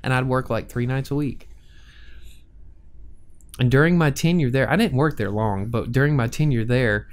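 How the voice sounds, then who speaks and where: A man's voice: mid-range voice, normal speed, pauses often, smooth. A man in his forties on a podcast, chatting casually and telling stories with frequent laughter. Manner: chatty storyteller who laughs often. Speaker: podcast co-host. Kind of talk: casual chat.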